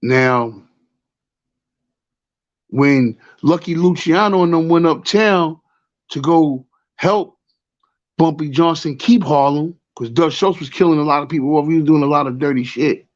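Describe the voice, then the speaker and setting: A man's voice: on the high side, measured pace, pauses often, dull audio. A man with a New York accent telling a rambling story in casual talk, often repeating "you know what I'm saying.". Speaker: show host.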